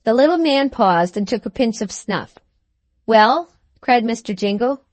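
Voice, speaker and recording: A woman narrating an audiobook of a classic novel in measured storytelling tone, close to the mic. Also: on the high side, lively intonation, darkish tone, dry recording. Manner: measured storytelling, voices each character. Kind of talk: scripted narration.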